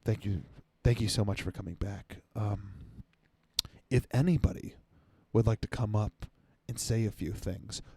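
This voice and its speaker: Guy doing a soft halting meditation leader, quiet low voice, dry close sound. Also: fairly even intonation, vocal fry, breathy edge, dry recording, heavily acted. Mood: soothing. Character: soft-spoken male meditation leader, gentle and hesitant.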